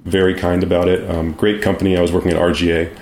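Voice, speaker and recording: A man's voice: deep voice, level tone, fast talker, a little mellow, reverberant, a little hiss or hum. A man talking as a guest in a casual interview, hesitant, with many ums and restarts. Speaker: guest artist.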